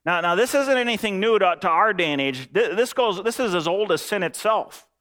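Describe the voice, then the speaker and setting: A middle-aged pastor preaches in a somewhat high voice. He talks emphatically and with animation. He repeats his phrases for weight. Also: lively intonation, brisk, a bit bright. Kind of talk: sermon.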